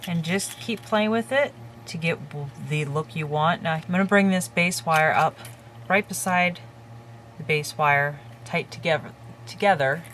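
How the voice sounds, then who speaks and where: A woman hosting a crafting tutorial, calmly talking through each step while she works with her hands. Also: low-pitched, slight background noise. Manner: calm, unhurried, talks while working with her hands.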